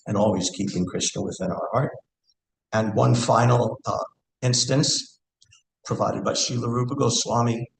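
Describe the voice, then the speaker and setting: A man's voice: lowish voice, vocal fry. A man giving a scripture class in a temple hall, speaking earnestly and thinking aloud, with hesitations and recited verse. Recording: echoey room, faint background hiss.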